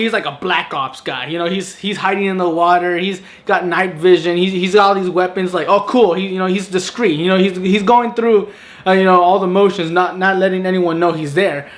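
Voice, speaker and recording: A man with a notably high voice talks through a film's plot in a loose, unscripted review. He rambles with plenty of ums and you-knows. He turns sarcastic and exasperated about the characters he dislikes. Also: fairly bright tone. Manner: rambling, filler-heavy, sarcastic, breaks into exasperated outbursts. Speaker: movie reviewer. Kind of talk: casual spoken review.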